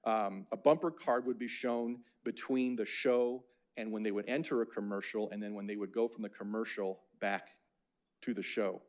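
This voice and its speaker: A man's voice: on the low side, fairly even intonation, moderate pace. An older man from Phoenix giving a casual, anecdotal lecture about slides, with many fillers and restarts. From Phoenix, Arizona.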